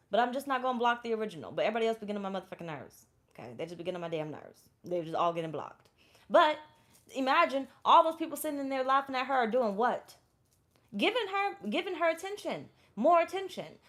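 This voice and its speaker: Blunt, profane woman with a high voice. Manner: blunt, profane, emphatic, talks straight to viewers. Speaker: tarot reader and channel host. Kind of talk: casual motivational rant to viewers.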